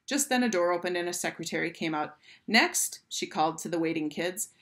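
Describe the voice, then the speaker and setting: A woman teacher reading a children's book aloud in a clear, expressive storytelling voice. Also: lowish voice, fast talker.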